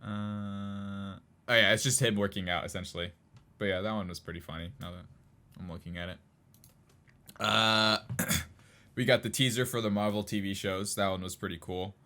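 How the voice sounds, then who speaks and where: Man, deep voice, bright tone, casual podcast co-host, rambling, lots of fillers. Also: steady tone, moderate pace. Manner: rambling, laughs often, many fillers.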